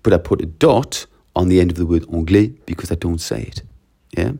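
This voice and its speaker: Geordie man, teacher type, deep gravelly voice, mellow tone, emphatic list-by-list explainer. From North East England. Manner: emphatic, runs through lists in a brisk, repetitive way. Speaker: language teacher. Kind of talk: casual explanatory monologue.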